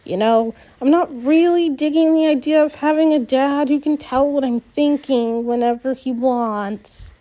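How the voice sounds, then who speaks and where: Slow, mellow woman reading a novel. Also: high voice. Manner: unhurried, measured, first-person storytelling. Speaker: audiobook narrator. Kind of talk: audiobook reading.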